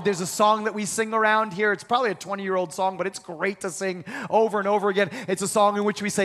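A man's voice: high-pitched, flat delivery, fairly quick, hardly any pauses, fairly bright tone. A male pastor delivering an emphatic, repetitive sermon in a church and leading the congregation in call-and-response. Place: church sanctuary. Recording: long reverb of a large hall.

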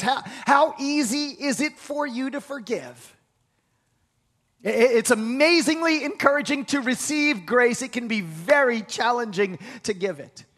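High-voiced man preaching a sermon. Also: fairly bright tone. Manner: emphatic, repeats words when starting sentences. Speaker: pastor.

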